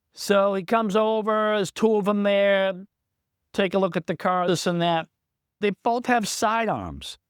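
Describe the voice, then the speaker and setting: A man's voice: sits high, smooth, no room sound, clean studio sound. A man who runs a small business, telling a candid personal story in a vlog, plain-spoken and reflective. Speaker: small business owner in recovery.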